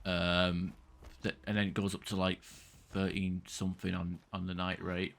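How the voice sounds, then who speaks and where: A man's voice: low-pitched, monotone, normal speed, creaky, a bit bright. A man streaming a game, rambling casually and venting in frustration, with occasional swearing. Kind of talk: casual gameplay chat.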